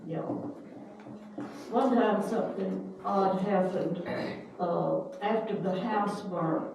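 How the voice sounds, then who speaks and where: An older woman with a drawl reminisces about family, slow and unhurried, pausing to hunt for names. Her voice is mellow and dark. She sounds distant from the mic in a very echoey room with a faint background hiss. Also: medium pitch. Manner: rambling, searches for names aloud. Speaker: family storyteller.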